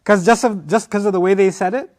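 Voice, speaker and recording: A man teaching a Quran study lecture, animated and often acting out quoted lines. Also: sits high, fast.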